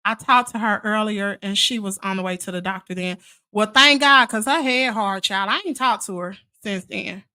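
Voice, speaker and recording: A woman's voice: medium pitch, moderate pace, pushed and bright, smooth, no room sound, studio quality. A woman from Mississippi, hosting a casual live chat with viewers in a chatty, sassy way. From Mississippi, USA. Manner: chatty and sassy, calls viewers "child" and "honey". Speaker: live stream host.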